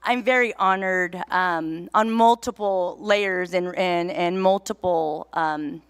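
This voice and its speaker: A woman's voice: fairly low pitch, smooth, no room sound. Tearful woman accepting an award, dry sound. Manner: halting, emotional. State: close to tears. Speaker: award recipient. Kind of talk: acceptance speech.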